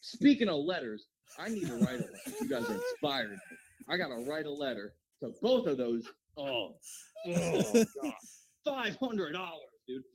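A man's voice: fairly high pitch, huge pitch swings, moderate pace, a crowd in the background, low-quality recording. A man co-hosting a casual sports podcast, ranting and joking with his friends. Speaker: podcast co-host.

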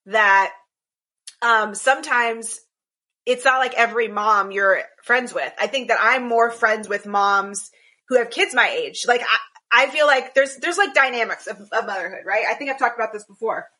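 A woman's voice: fairly high pitch, normal speed, bright, forceful tone. A woman co-hosting a casual chat over a call, rambling with many restarts. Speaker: podcast co-host. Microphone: video call.

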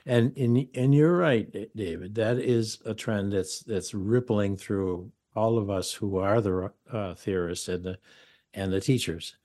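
An older man with a lowish voice, hosting a casual podcast chat. He tells stories with animated asides and jokes, and often laughs at his own punchlines. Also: a little slow. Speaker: podcast host.

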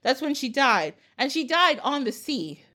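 A woman hosting a podcast, telling a story in a casual, animated way, laughing and swearing casually. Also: high-pitched, a little slow. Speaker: podcast host.

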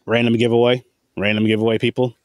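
A man hosting a casual movie podcast, talking in an animated, rambling way and swearing freely. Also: medium pitch, quick pace, no room sound, clean studio sound. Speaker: podcast host. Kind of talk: casual chat.

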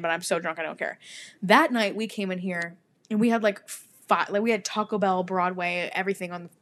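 A young woman co-hosting a podcast, telling a story in casual chat, animated, swearing freely and laughing often. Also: fairly low pitch, fairly quick. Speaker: podcast co-host.

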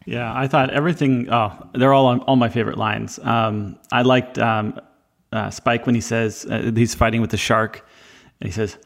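A man's voice: medium pitch, fairly even intonation, normal speed, vocal fry. A man co-hosting a casual podcast, talking hesitantly with many ums and laughing. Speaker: podcast co-host. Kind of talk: casual chat.

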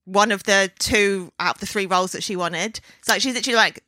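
A woman co-hosting a podcast in casual chat, playful and chatty with quick asides. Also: mid-range voice, bright, forceful tone, no room sound. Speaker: podcast co-host.

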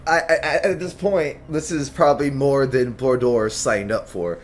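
A man's voice: medium pitch, normal speed, slight background noise. Rambling man describing his tabletop character. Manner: rambling, full of likes and ums. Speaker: player. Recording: faint music behind.

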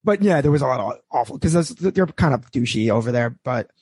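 A man's voice: medium pitch, expressive, fairly quick, darkish tone, slightly rough. A man hosting a casual podcast chat, laid-back and profane, chiming in with stories.

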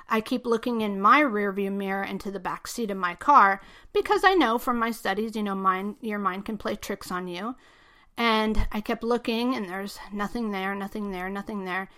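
A woman with a mid-range, fairly bright voice hosts a podcast and casually tells a true story from her own life. She sprinkles in many "you know" and "okay?" asides.

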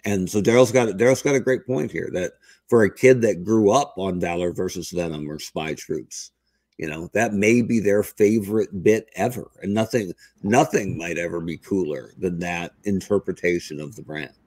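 A man's voice: low-pitched, normal speed, darkish tone, no echo. Middle-aged man, dry close mic. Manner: rambling, self-correcting. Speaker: podcast co-host. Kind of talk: casual chat.

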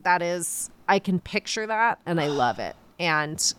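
Low-voiced woman telling a story. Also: unhurried, smooth. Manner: rambling, filler-heavy, animated retelling. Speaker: podcast host. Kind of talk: casual storytelling chat.

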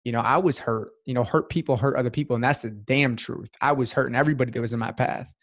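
A man's voice: medium pitch, steady tone, fast talker. A man, a guest in a casual interview, telling a personal story in an earnest, heartfelt way with many fillers. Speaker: podcast guest.

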